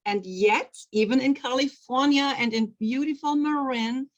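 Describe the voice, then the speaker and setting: A woman's voice: high voice, a little slow, lo-fi sound. A woman from Germany, hosting an interview in an enthusiastic, encouraging way. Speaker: interview host. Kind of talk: conversational interview.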